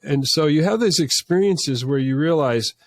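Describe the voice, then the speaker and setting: A man's voice: a little high, expressive, moderate pace, no room sound. A man, a filmmaker guest on an interview podcast, telling stories earnestly with many restarts and false starts. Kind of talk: conversational storytelling.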